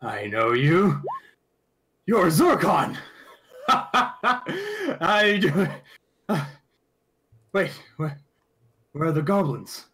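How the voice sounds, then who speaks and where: A man voicing a grimy, gruff male dwarf tavern keeper with a booming, blustering voice in a tabletop game. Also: wildly swooping pitch, drawn-out words, long pauses, full character voice. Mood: gruff surprise. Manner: shouting, blustering.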